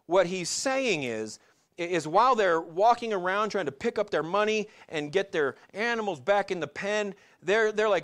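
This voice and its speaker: A middle-aged male pastor giving a sermon in a conversational way, asking the congregation questions and slowing down to stress key lines. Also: high voice, expressive, fairly bright tone. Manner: conversational preaching with rhetorical questions and slowed emphatic lines.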